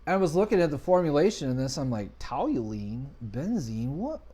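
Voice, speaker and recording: A man's voice: fairly high pitch, moderate pace, husky. Guy on a podcast telling shop stories, doing little voices for everyone, easygoing. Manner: animated storyteller, acts out quoted voices. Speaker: podcast guest, business owner. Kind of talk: casual storytelling chat.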